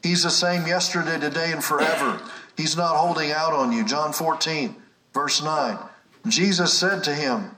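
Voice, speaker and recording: A man preaching with fervent conviction, his voice bright and forceful. He presses his points home by repeating key phrases. The mic sits a little way off from him. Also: a little high, normal speed, far from the mic, rough recording. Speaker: preacher teaching a healing class. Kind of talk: sermon. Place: away from his usual setting, near an airport.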